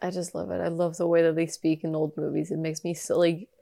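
A woman's voice: sits low, level tone, fast, vocal fry, mellow. A woman co-hosting a podcast in casual chat, laid-back and giggly, swearing casually. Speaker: podcast co-host.

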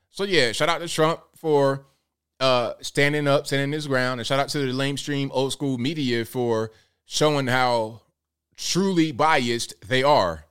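A man hosts a live political talk show with a smooth, resonant voice. He talks straight to his viewers in a casual, sarcastic way and reads out their comments. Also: mid-range voice, measured pace, a bit bright. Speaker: host.

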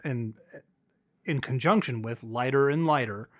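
A man co-hosting a podcast, chatting casually in a rambling, profane, animated way. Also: medium pitch, a little slow. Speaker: podcast co-host. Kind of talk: casual chat about wrestling.

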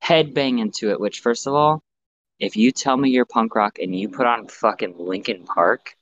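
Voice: medium pitch, normal speed. A podcast co-host in casual chat, giving blunt, profane, rambling opinions, recorded with slightly muffled audio.

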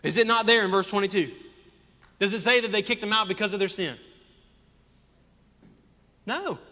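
This sermon comes from a senior pastor whose high, sharp voice moves at a moderate pace as he asks the congregation a series of rhetorical questions. He is recorded in a church sanctuary with long hall reverb.

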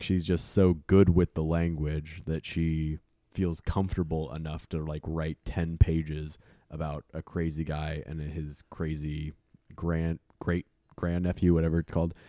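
A man's voice: deep voice, no room sound, studio quality. A man from Texas talking casually and thoughtfully in a book discussion. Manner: relaxed, thoughtful, filler-heavy.

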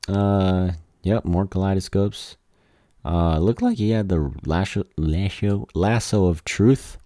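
A man rambling casually as he reacts to movie trailers, halting and self-deprecating, his voice tired from talking all day. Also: sits low, dark tone, no echo, studio quality.

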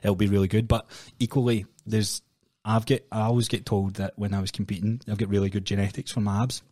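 Male podcast co-host, low and quick, dry close sound, casual and profane. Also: no echo. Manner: fast, swearing, animated storytelling. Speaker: podcast co-host, personal trainer. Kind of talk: casual chat.

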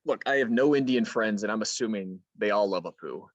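Woman co-host, extremely low voice, deadpan wit, dry close sound. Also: a little fast, dry recording, lo-fi sound. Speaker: podcast co-host. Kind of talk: casual chat.

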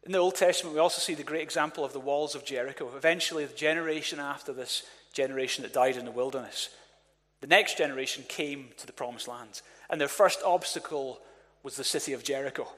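A man preaching a sermon as pastor, energetic and calling on the congregation to respond. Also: mid-range voice, fast. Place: church hall. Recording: reverberant church hall.

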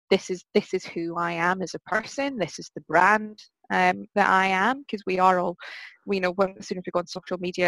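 A woman's voice: on the low side, fairly bright tone, no echo, poor audio. A woman with an Aberdonian Scottish accent, a guest on a podcast, chatty and laughing easily. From Aberdeen, Scotland. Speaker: guest, recruiter. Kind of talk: casual podcast chat.

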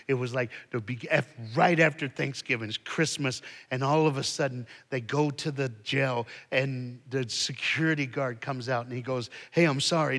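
A man preaching as a guest speaker, telling a story dramatically and dropping soft for the sad parts. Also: mid-range voice. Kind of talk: storytelling sermon. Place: large church hall. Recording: long hall reverb.

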